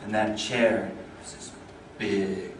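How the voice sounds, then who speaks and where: A man giving a storytelling speech at a speaking club, swinging from lively and loud to low and hushed. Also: takes it slowly, slight background noise. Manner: animated, builds up energy then drops low. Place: meeting hall. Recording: echoey hall, mic far off.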